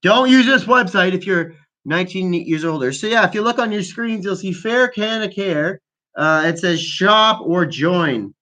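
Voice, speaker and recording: High, bright-voiced profane man. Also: moderate pace. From Canada. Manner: profane, boastful, rambling. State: high on weed. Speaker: host. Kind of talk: casual call-in chat with freestyle rapping.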